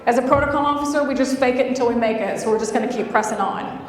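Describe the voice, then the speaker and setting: A woman's voice: on the high side, rapid-fire, slight background noise. A woman from California, giving a playful, chatty keynote speech and talking to the crowd in a hotel conference hall. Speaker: keynote speaker. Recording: echoey hall, mic from far off.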